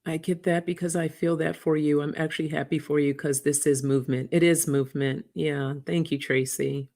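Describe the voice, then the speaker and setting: An oracle card reader hosting a casual livestream, chatting warmly with viewers, reading out their comments and getting emotional. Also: medium pitch, level tone, moderate pace, vocal fry. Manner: effusive, reads viewer comments aloud, gets emotional.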